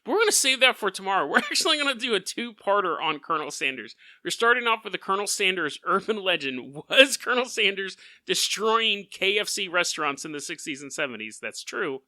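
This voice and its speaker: Bright, lively podcast host. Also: male voice, sits high, fairly quick, few pauses, dry recording. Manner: animated, laughs often mid-sentence. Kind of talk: casual storytelling podcast.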